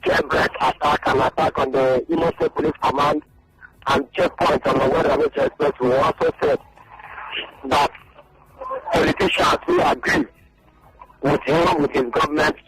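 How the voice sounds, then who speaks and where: A man's voice: on the high side, big pitch swings, normal speed, pauses often, loud music behind the voice, poor audio. A man, a journalist guest on a radio interview, making his points emphatically and repeating them. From Nigeria.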